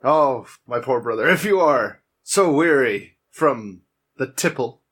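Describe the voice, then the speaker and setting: A man voicing a gentle male paladin who speaks calmly and kindly. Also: medium pitch, slow, breathy edge, full character voice.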